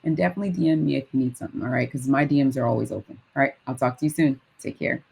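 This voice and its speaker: A woman's voice: very deep voice, rapid-fire, vocal fry, darkish tone, husky, poor audio. A middle-aged woman coaching on weight loss in a live stream, talking energetically and firing off rhetorical questions with a frequent "right?".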